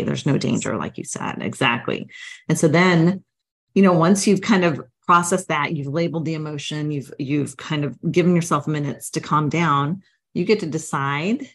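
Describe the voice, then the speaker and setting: A woman's voice: sits low, breathy edge. A woman physician, a guest on a podcast, explaining things step by step and often checking in with "right?". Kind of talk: casual podcast interview.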